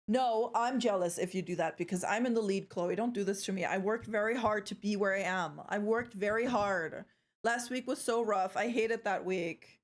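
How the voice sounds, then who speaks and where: A young woman streaming live, chatting playfully with her viewers, joking and swearing as she goes. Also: medium pitch. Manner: playful, chatty, swears freely, trails off and restarts.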